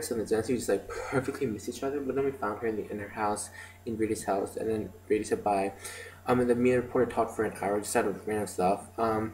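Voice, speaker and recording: A man's voice: medium pitch, darkish tone, a little hiss or hum, rough recording. A man telling stories in a casual video diary, rambling with lots of "like" and "um". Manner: rambling, filler-heavy storytelling with many "like" and "um". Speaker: video diarist.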